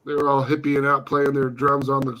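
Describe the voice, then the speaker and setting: A man's voice: medium pitch, monotone, brisk, a crowd in the background, rough recording. A middle-aged man chatting as a guest, telling anecdotes easily and laughing often. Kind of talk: casual chat.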